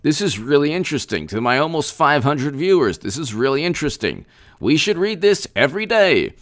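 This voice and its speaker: A man hosting a casual political commentary livestream, animated and repetitive, often restarting his sentences and speaking straight to viewers. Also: on the high side, a little fast. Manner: animated, repetitive, mock-quoting opponents, frequent restarts.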